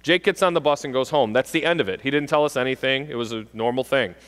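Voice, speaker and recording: A man in his forties, a police officer, giving a joking, animated talk to kids and parents at a school assembly. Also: medium pitch, fast talker, smooth. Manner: jokey, animated, acts out kids' voices. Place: school gym or auditorium. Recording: long reverb of a large hall.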